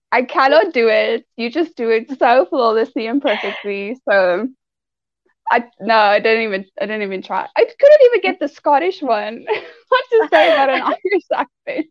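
A giggly woman from South Africa chats as a podcast guest. Her voice is high and swoops around a lot, and she speaks slowly. The sound is dry and a little dull. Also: no room sound. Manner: giggly, expressive. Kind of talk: casual podcast chat.

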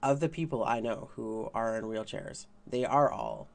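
Gravelly young man rambling casually. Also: on the low side, very animated, normal speed. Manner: rambling, lots of fillers and "like". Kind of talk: casual chat ranking game characters.

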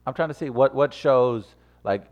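A man co-hosting a casual podcast chat, animated and quick when making his case, reading off lists. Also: medium pitch, highs cut off. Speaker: podcast co-host.

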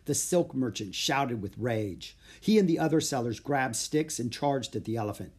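A man narrating a children's audiobook in a steady, plain storytelling voice. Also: medium pitch, moderate pace, breathy edge.

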